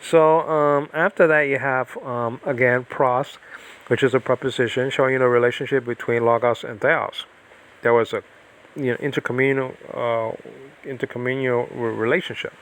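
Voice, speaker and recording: Speaking at normal speed in a steady, mid-range voice that sounds fairly bright and clean, this man is livestreaming a biblical Greek lesson. He's in his self-built cement-block house during a typhoon, and he chats loosely, digresses often, and stalls with ums and restarts.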